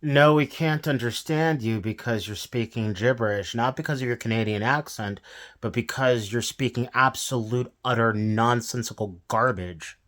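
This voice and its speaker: A man's voice: medium pitch, normal speed, a bit bright. Scornful ranting commentary man. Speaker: commentary host. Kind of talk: reaction commentary.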